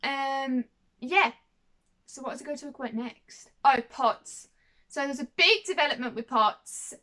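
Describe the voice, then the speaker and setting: A woman's voice: a little high, a bit bright. Chatty young woman vlogging, rambling. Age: 20s. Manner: chatty and rambling, repeats herself, often says "you know what I mean". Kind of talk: casual talk to camera.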